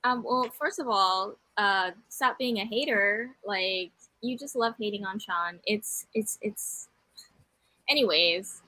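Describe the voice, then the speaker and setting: A woman's voice: mid-range voice, slow pace, bright, forceful tone, no room sound, rough recording. A woman co-hosting a wrestling podcast, chatting casually in a teasing, easygoing manner. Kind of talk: casual chat.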